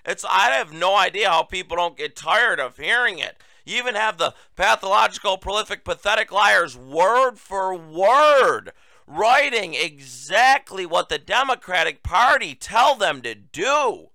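A man's voice: high voice, animated, unhurried, bright, forceful tone, no echo. A man hosting a political talk show, delivering a sarcastic, emphatic monologue.

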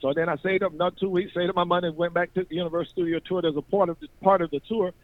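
Man telling animated stories over tinny radio. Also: high-pitched, very fast, no room sound. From North Carolina. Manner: acts out voices in his stories, laughs often, repeats words. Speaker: guest telling his life story. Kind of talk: animated storytelling chat. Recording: tinny phone-like radio sound.

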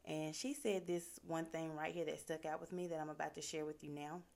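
A woman's voice: deep voice, fairly even intonation, a little fast, creaky, a little mellow. A woman giving a casual motivational talk in an earnest, conversational way, with lots of "like" fillers. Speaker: motivational speaker.

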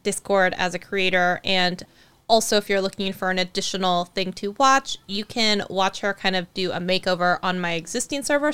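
Woman hosting a livestream, smooth clear voice, chatty and teasing. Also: mid-range voice, bright, forceful tone. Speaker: live stream host. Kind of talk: casual live stream chat.

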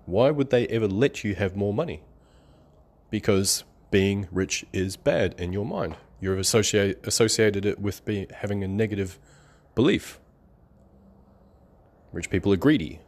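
A man giving a rambling, conversational motivational monologue about money beliefs, with some sarcasm and quick laughs. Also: on the low side, darkish tone.

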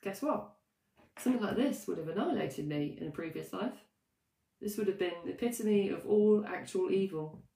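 A woman, a life coach giving a live-streamed talk, chatty and animated with many fillers, restarts and self-mocking asides. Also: medium pitch, normal speed, vocal fry, far from the mic. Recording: roomy echo, voice set back from the mic.

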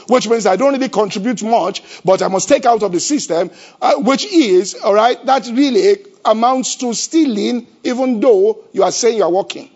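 A man preaching a sermon as pastor. He keeps asking the congregation rhetorical questions and swings between loud emphasis and a low, conversational tone. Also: moderate pace, few pauses. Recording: dull lo-fi church recording.

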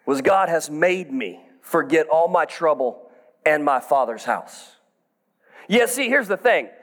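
A man in his thirties, a pastor preaching a sermon, building up to shouts for emphasis. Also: very high voice.

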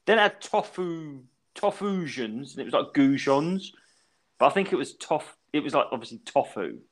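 A man in his thirties from England, chatting on a casual podcast. He rambles through his stories with a lively voice that swings up and down in pitch, and he swears freely as he goes. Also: normal speed. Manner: rambling, animated storytelling with swearing. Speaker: podcast co-host. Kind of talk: casual chat.

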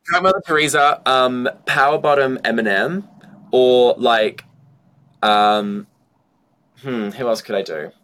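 A man's voice: medium pitch, takes it slowly, pauses often, a bit bright. A young man, a drag performer, chatting in an interview and telling stories in a loose way, full of "like" and casual swearing. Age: young adult. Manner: chatty storytelling, heavy on "like", swears freely.

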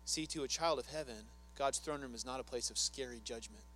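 A man's voice: mid-range voice, fairly quick, pushed and bright, slight background noise. A man preaching a sermon in an earnest, conversational way, often asking his listeners questions. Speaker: pastor.

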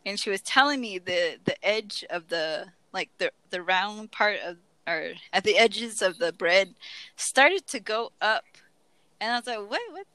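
A woman's voice: medium pitch, a little slow, sharp tone, clean tone, no echo, poor audio. A woman co-hosting a podcast, telling stories casually and acting out quoted lines with laughter. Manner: storytelling with quoted asides and laughter. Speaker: podcast co-host. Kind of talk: casual chat.

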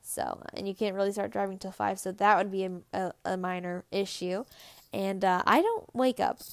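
A woman's voice: mid-range voice, moderate pace, creaky, clean tone, no echo. A teenage girl co-hosting a podcast, rambling casually with lots of "like" and frequent giggles. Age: teens. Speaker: podcast co-host. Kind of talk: casual solo podcast chat.

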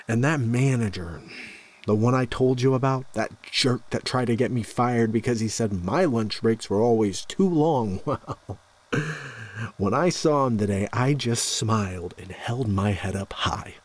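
A man reading the part of a cheerful, unsettling lonely man, talking in a chirpy, doting way. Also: medium pitch.

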